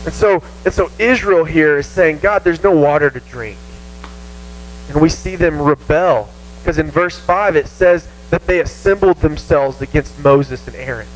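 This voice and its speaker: High-voiced Southern youth preacher. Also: male voice, normal speed, a little hiss or hum, low-quality recording. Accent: Southern American. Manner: animated, self-mocking, acts out whiny voices. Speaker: youth pastor. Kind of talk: casual youth sermon. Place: church youth room.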